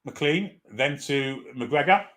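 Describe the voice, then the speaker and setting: A man's voice: a little high, animated, slow pace, fairly bright tone. A man giving live fan commentary on a football match, irreverent, swearing freely and reading out viewer comments.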